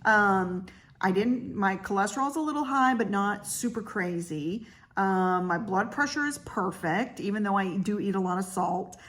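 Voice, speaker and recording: A woman in her fifties speaks straight to the camera in a casual personal vlog. She is chatty and candid and sprinkles her talk with fillers. Her voice sits at a middle pitch. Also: normal speed, a bit bright. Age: 50s. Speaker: vlogger; realtor.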